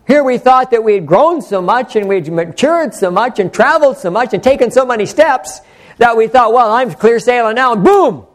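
An older man preaching an earnest, conversational sermon, rambling with frequent restarts. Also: high-pitched. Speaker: pastor.

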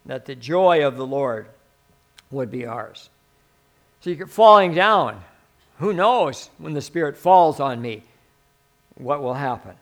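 A man preaching a sermon, animated, often laughing and swinging between soft musing and loud exclamation. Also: medium pitch, slow, long pauses.

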